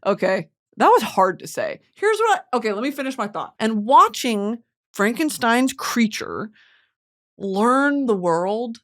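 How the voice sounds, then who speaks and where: A young American woman riffs through a comic podcast monologue with a bright, higher voice that swings wildly up and down. She swears freely and breaks into sudden yells and laughter. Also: a little slow. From United States. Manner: animated, swearing, bursts of yelling and laughter. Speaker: podcast host. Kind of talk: casual comedic monologue.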